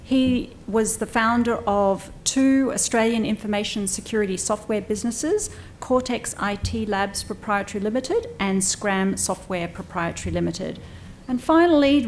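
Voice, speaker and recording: A woman moderates a panel in a room with an audience. She works through the introductions briskly, slipping in small jokes. Her pitch sits mid-range, and a faint hum runs under the sound. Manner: brisk, lightly joking while introducing panelists.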